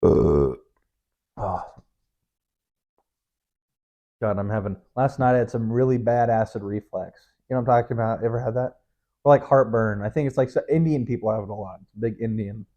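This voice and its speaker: A man's voice: medium pitch, mellow. A young man hosting his own show, rambling through a casual monologue full of swearing, restarts and chuckles. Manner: rambling, profane, self-interrupting, laughs often. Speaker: podcast host. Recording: dull lo-fi recording.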